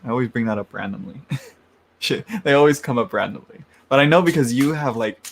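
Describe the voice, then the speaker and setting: A man's voice: medium pitch, a little fast, slight background noise. A man hosting a casual tarot livestream, chatting in a rambling way, laughing often and greeting viewers by name, into a large microphone.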